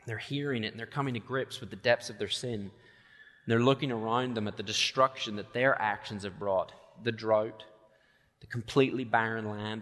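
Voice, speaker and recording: A man preaching a sermon, earnest, with quick asides and slow emphatic lines. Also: mid-range voice, a bit bright, big-room sound. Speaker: pastor.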